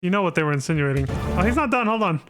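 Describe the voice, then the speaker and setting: A man's voice: sits high, expressive, fast talker. A man streaming a video game live, giving irreverent, joking commentary with plenty of swearing. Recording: loud game music behind.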